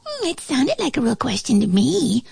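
A tiny, silly flea from a storybook, as a woman puts it on, squeaks in a very high voice that leaps around. Its lines sound dry and close, with nothing behind them. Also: huge pitch swings, moderate pace, vocal fry, darkish tone, slightly rough, dry recording, exaggerated voice. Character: squeaky giggly little male flea, silly.

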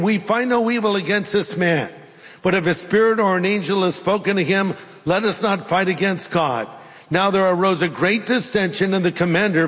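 A middle-aged man delivering a sermon in a fairly high voice, acting out scripture scenes with lively changes. His words ring with the long reverb of a large hall. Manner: animated, acts out biblical dialogue in voices. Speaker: pastor.

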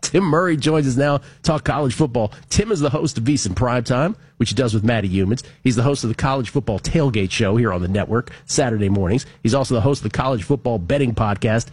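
Husky-voiced man hosting sports radio. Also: medium pitch, fast, few pauses, darkish tone, no echo. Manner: chatty, reads listener messages with wry asides. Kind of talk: casual sports talk radio.

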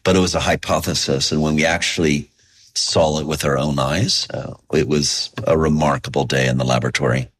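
A male researcher answering interview questions in a measured, explanatory way. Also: extremely low pitch, fairly even intonation, husky. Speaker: researcher guest.

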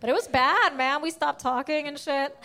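A young woman performing a stand-up set, telling stories in an animated way with sudden shouted outbursts. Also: sits high, normal speed. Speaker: stand-up comedian.

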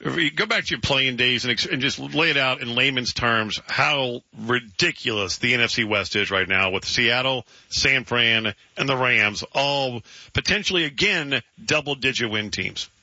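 A man hosting sports talk radio, animated and jokey, slipping into playful quoted voices. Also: mid-range voice, moderate pace, no room sound. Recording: dull dry lo-fi studio sound.

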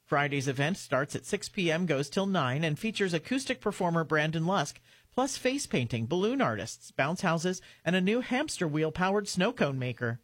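A man reading a local radio news update, rattling off sports scores at a brisk clip. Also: on the high side, sing-song, a bit bright, no room sound.

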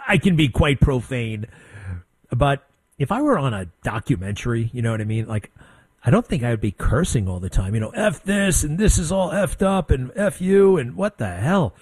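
A middle-aged man hosting a radio talk show, blunt and sarcastic, mocking people with quick impressions. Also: medium pitch, sing-song, a little mellow, slightly rough, no echo. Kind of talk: opinionated talk radio monologue.

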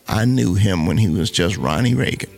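A man's voice: deep voice, expressive, normal speed, vocal fry, a little mellow, soft background music. A man voicing a sassy, regal woman singer who makes wry, cutting remarks.

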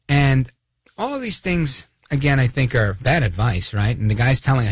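Gravelly, husky-voiced man in talk-radio commentary. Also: mid-range voice, brisk, dry recording. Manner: sarcastic, animated, acts out voices of others. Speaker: radio talk show host.

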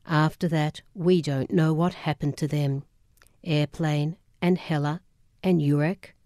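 A woman narrating a memoir audiobook in a measured, solemn way. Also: low-pitched, fairly even intonation, warm tone, no echo, clean studio sound.

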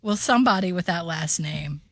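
A woman's voice: on the low side, lively intonation, moderate pace, no room sound. A woman co-hosting a radio show, skeptical and full of questions. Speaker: radio co-host. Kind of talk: casual radio banter.

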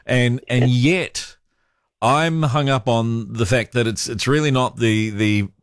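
A man's voice: medium pitch, fairly even intonation, takes it slowly, no room sound, studio quality. A man with a New Zealand accent hosting a talk radio show. He chats easily, mocks himself, and often repeats his words. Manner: conversational, self-mocking, repeats words. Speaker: radio host.

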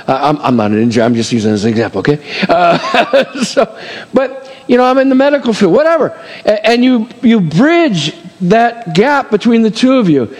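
A man's voice: high voice, sing-song, brisk, darkish tone. A middle-aged male pastor preaching a conversational sermon, full of asides and rhetorical "amen?" and "right?" checks. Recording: long hall reverb.

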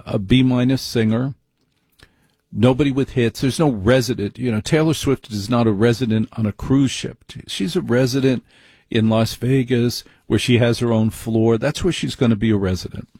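A man's voice: mid-range voice, steady tone, normal speed, a little mellow, breathy edge, no echo. A man delivering a rambling, digressive comedic rant in a conversational way.

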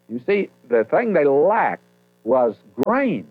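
A man's voice: on the high side, sing-song, slow pace. Folksy male Bible teacher on old radio. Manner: folksy, reads King James verses aloud then paraphrases. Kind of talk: verse-by-verse sermon. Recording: narrow phone-like old radio broadcast.

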